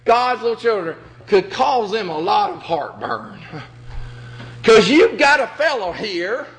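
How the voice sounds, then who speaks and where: A man preaching a sermon with a strikingly high, bright voice. He takes his time, drawing out his words, and leans hard on his points. He acts out the lines of scripture he quotes. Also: rough recording.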